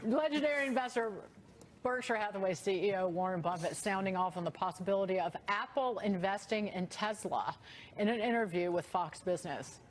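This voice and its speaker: Woman, TV morning news anchor, brisk upbeat reads, faint hiss behind. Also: mid-range voice.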